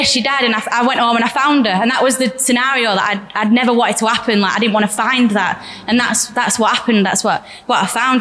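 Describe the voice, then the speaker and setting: A woman's voice: a little high, a bit bright. A young woman giving a candid, chatty personal testimony in church, often laughing. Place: church hall. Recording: echoey church hall reverb.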